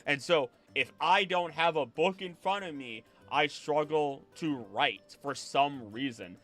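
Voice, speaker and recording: Man, game master on a live stream, rambling, self-correcting, quick to laugh, music playing low behind him. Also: a bit bright. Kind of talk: casual chat with a live stream audience.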